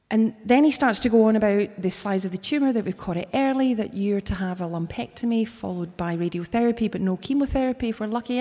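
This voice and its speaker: A woman telling a true personal story live on stage, with wry, self-mocking humour. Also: on the high side. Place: theatre stage before an audience. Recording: long hall reverb from a live stage.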